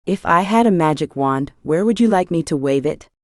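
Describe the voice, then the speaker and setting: A woman's voice: fairly low pitch, lively intonation, moderate pace, no echo, studio quality, natural voice. Woman voicing a crude, blunt foreign foreman. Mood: gruff. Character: brash male foreign maintenance manager. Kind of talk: audiobook character voice.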